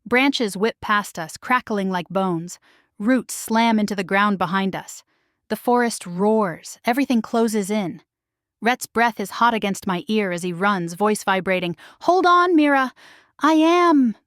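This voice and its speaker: A woman narrates a first-person romance story slowly and dramatically, in a middle register. The voice is recorded dry and close, with nothing behind it. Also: mid-range voice, a bit bright, no room sound.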